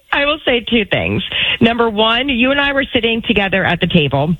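A woman's voice: on the high side, very animated, moderate pace, a bit bright, no echo, poor audio. A woman producer and co-host telling playful stories in casual chat, laughing often.

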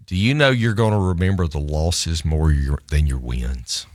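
A male lawyer telling a story in an animated, self-amused way, laughing often as he talks. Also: very deep voice, moderate pace, dry recording, studio quality.

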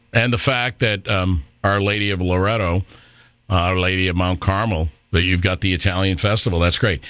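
A man's voice: sits low, fairly bright tone, no room sound. A middle-aged man hosting a political talk radio show, opinionated and rambling, with fillers and restarts.

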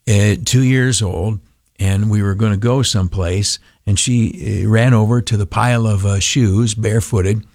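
A man's voice: on the low side, darkish tone, no echo, clean studio sound. An older man giving an informal devotional talk in a folksy, rambling way with many fillers.

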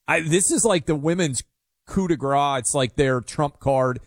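A man's voice: a little high, a little slow, no echo, studio quality. A man hosting a talk radio show, emphatic and sarcastic in casual banter.

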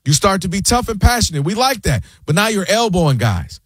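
A man with a fairly high voice talks sports on a show, animated and opinionated, building his argument in a loose conversational way. The sound is dry and close, with no room behind him. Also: slightly rough, no room sound. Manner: animated and opinionated, slips into quick impressions of fans and players. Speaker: sports talk host. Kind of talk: casual sports commentary.

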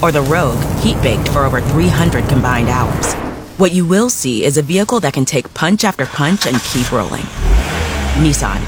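A man's voice: fairly high pitch, background noise. A man reading a scripted advertisement in a confident, driving way. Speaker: ad announcer. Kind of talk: scripted ad read.

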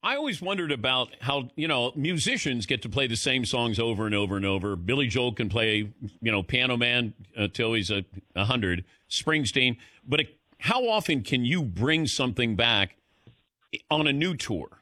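A man interviewing a comedian in casual chat, playful and quick to laugh. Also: medium pitch, lively intonation, sharp tone, dry recording.

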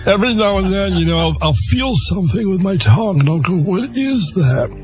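High strangled glutton voice, wheezy, choked, swooping, smug. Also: male voice, lively intonation, soft background music. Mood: smug gluttonous. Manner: slow, gross self-satisfied asides. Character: obese wheezing man with a strangled, food-stuffed voice.

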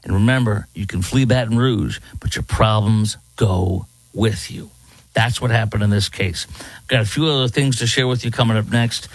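A man's voice: lowish voice, moderate pace, no echo, low-quality recording. A man hosting a morning talk radio show, giving emphatic, indignant commentary. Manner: emphatic, indignant, repeats for effect.

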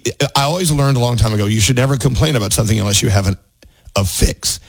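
A man's voice: medium pitch, fast, no room sound. A middle-aged man hosting a radio show, talking in casual banter with frequent laughs and restarts. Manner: animated, laughs often, talks with restarts.

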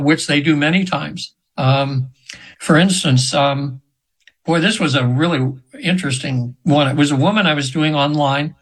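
A man in his seventies, a hypnotherapist appearing as an interview guest, tells stories casually and ramblingly, full of fillers and restarts, sometimes acting out the voices of people he quotes. His voice is on the high side with a breathy edge, and the audio is poor.

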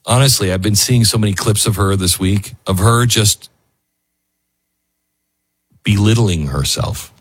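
A man's voice: on the low side, a little slow, long pauses, slightly rough, no room sound. A man hosting a talk show, speaking in a loose, emotional way with lots of fillers and restarts. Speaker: radio host. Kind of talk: casual on-air talk.

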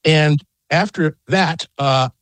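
Middle-aged guy calling in from home, rambling and excited, dry close sound. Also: on the high side, takes it slowly, dry recording. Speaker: guest. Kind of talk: call-in radio interview. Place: home in Las Vegas.

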